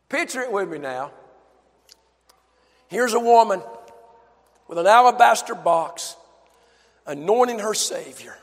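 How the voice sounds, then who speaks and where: Male pastor, sermon, emphatic, lively swooping pitch, slow delivery, long church reverb. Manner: emphatic, asks the congregation questions.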